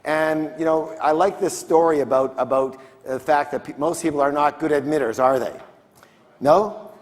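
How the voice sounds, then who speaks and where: A seminar speaker with a slightly high voice talks at a moderate pace from the stage of a large conference hall. His motivational talk draws call-and-response replies from the audience, and the hall's long reverb is audible.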